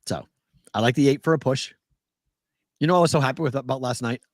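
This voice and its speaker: Excitable sports-betting man, dry mic. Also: mid-range voice, fast talker, dry recording. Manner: excitable, laughs often, tells stories with quoted dialogue. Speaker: co-host. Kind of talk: casual sports betting chat.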